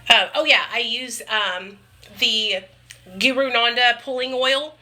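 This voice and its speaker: This woman speaks slowly in a bright, forceful, fairly high voice, with a little hiss or hum in the recording. Chatting with livestream viewers, she's casual and chatty, sprinkling in "you guys" and "y'all" and calling people honey and baby.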